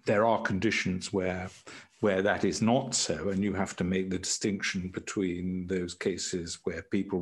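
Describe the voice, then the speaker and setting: A man who worked as a prison doctor, telling stories in an interview in a halting way, with many restarts and chuckles at his own anecdotes. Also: sits low. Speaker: former prison doctor and writer.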